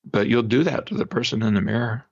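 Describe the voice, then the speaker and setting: A man, a psychologist guest on a podcast interview, explaining exercises in an animated way and demonstrating them aloud. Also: medium pitch, fast, vocal fry, slightly rough. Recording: dull lo-fi remote audio.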